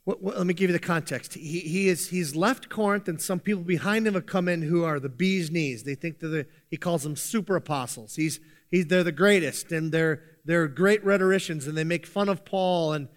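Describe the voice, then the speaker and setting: A man's voice: fairly high pitch, moderate pace, few pauses. A male pastor preaching a sermon in a conversational, emphatic way with playful sarcasm.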